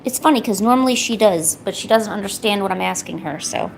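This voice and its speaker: A young woman streaming, coaxing and teasing her cat in a playful, high-pitched baby-talk voice. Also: a little fast, vocal fry, slight background noise. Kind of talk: live-stream chat.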